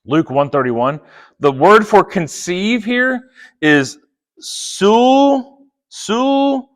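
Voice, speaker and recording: A man preaching a sermon, playful and chatty, acting out quick quoted asides. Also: sits high, animated, a bit bright. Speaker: pastor.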